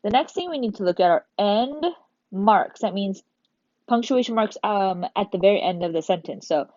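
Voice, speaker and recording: A woman teacher walking young pupils step by step through a recorded lesson, in an animated manner. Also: mid-range voice, moderate pace, dry recording, dull audio. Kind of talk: recorded remote class lesson.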